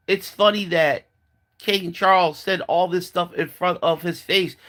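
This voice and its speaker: A man's voice: high-pitched, sharp tone. A man giving a casual, blunt opinion monologue, mocking and profane, with lots of fillers and restarts. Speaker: commentator.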